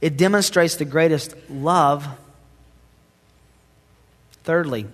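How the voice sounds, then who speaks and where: A pastor delivers a sermon in church at a measured pace, his fairly high voice ringing with long hall reverb. He is dramatic, swelling into loud emphasis before dropping to hushed asides.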